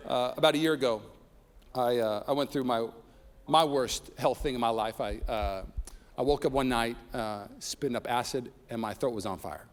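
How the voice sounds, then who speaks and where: A man's voice: medium pitch, normal speed. A man preaching a sermon as pastor, reading scripture and telling personal stories with humor and rising intensity. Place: church sanctuary. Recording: long reverb of a large hall.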